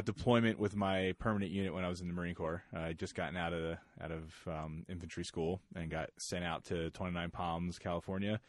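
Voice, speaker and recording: A man with a very low, deep voice spins a story for his co-hosts at an easy, unhurried clip. He swears freely and keeps it laid-back. The sound is close and dry, with no room around it. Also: dry recording. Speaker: podcast co-host. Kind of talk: casual storytelling chat.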